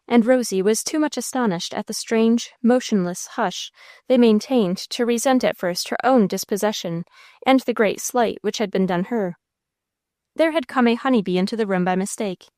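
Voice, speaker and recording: A woman narrator giving a measured, expressive reading of a classic novel into a close mic. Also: medium pitch, dry recording. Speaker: audiobook narrator.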